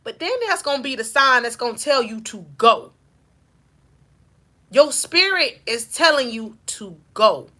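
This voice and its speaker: A Southern woman preaching encouragement as a life coach, her voice sitting high and ringing bright. She builds her points through rhythmic repetition and keeps calling out to her listeners. The tone is fervent, church-style exhortation. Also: lively intonation, unhurried. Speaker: faith-based life coach. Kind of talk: preaching-style motivational talk.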